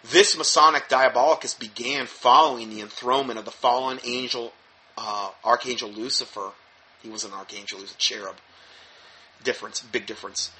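Sarcastic man with a bright, forceful voice. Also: medium pitch, a little fast, slight background noise. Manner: mocking, sarcastic asides; restarts and repeats words. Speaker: commentator reading an article. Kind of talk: sarcastic commentary on a read article.

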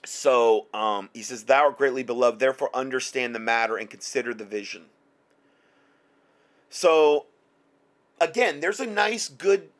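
A man giving informal Bible teaching, reading scripture aloud and reacting with excited laughter. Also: fairly high pitch. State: emotional, choked up at times.

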